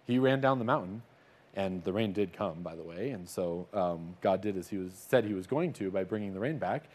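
A man's voice: low-pitched, a little fast, a little mellow. A man telling a Bible story in a casual, conversational way, slipping into little acted-out voices for the characters. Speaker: Bible teacher.

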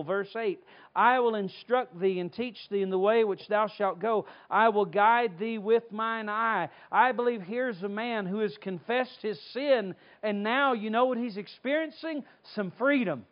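A man from North Carolina, preaching a sermon and telling stories with lively acted-out voices. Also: high-pitched, a little slow, hardly any pauses, highs cut off. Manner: animated storytelling, acts out voices. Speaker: pastor.

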